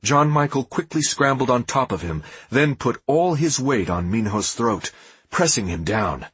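A man reads an audiobook in expressive, dramatic scripted narration. His voice is husky and fairly low, with lively swings in pitch. The sound is close and dry, with no room around it. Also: a little slow, no room sound.

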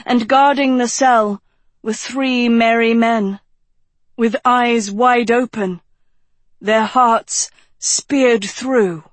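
Woman narrator, audiobook reading, measured storytelling, slow deliberate pace, dry close recording. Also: fairly high pitch, no echo. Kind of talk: scripted narration.

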